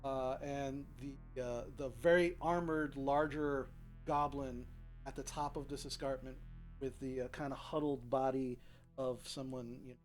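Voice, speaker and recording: A man narrating a tabletop game as game master, describing the scene with hesitant pauses. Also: mid-range voice, fairly even intonation, soft background music. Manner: hesitant, lots of ums and restarts while describing the scene.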